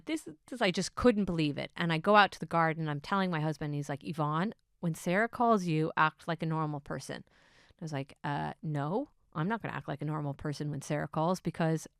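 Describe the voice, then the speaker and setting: A middle-aged woman hosts her own podcast, chatting through a personal story. Her voice sits on the low side and stays smooth and clear, recorded dry and close. She drops into quiet asides, then bursts into excited enthusiasm. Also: dry recording. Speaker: podcast host. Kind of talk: casual solo podcast storytelling.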